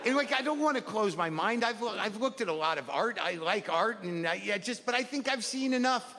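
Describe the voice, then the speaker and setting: A man's voice: high-pitched, lively intonation, normal speed. Rambling exasperated male stand-up comedian. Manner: rambling, self-deprecating, exasperated. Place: comedy stage before a live audience. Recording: live hall recording with reverb and crowd noise.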